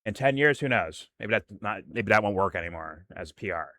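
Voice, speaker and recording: Brief: male reaction host, low-ish voice, dry close sound, heated and sarcastic. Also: animated, a little fast, bright, forceful tone, dry recording. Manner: heated, sarcastic, mocks others in put-on voices. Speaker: commentary show host. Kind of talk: profane political reaction commentary.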